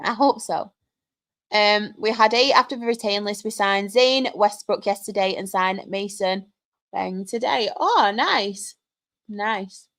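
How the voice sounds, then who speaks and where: A woman's voice: mid-range voice, unhurried, fairly bright tone. A young woman hosting a casual live Q&A stream, chatting, greeting viewers by name and laughing often. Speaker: live stream host reading chat.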